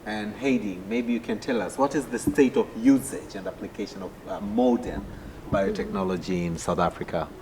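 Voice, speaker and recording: A man hosts an interview program and puts his questions in a formal way, pausing here and there. A long reverb trails after his words. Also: lowish voice, a little mellow, slight background noise. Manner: formal, with pauses and fillers. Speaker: program host. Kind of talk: interview hosting.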